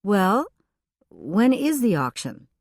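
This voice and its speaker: A woman's voice: mid-range voice, sing-song, takes it slowly, no echo, clean studio sound, voice pushed up. Woman voicing a patient small-town reporter.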